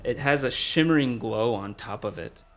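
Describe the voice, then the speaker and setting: A man's voice: medium pitch, fairly bright tone, slight background noise. Man narrating as dungeon master. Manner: casual, halting with fillers. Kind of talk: narrating a tabletop game.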